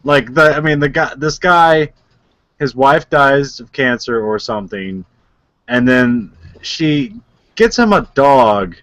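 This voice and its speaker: A man's voice: medium pitch, lively intonation, slow, a bit bright, dry recording. A man co-hosting a podcast, retelling a movie in casual chat, rambling with lots of filler words and frequent laughs. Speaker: podcast co-host.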